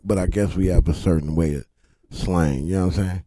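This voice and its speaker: A man with a California accent talks in a laid-back, slangy drawl as a livestream host. His voice is very low and very dark. The sound is dry and close. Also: steady tone, fairly quick, dry recording. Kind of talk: casual live commentary. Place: Washington State.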